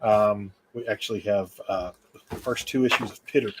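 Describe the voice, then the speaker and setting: A man's voice: lowish voice, moderate pace, noisy background. A man who makes indie comics, chatting as a guest in an easygoing way with many fillers. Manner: easygoing, filler-heavy, relaxed. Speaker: indie comic book creator. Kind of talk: casual chat as guest.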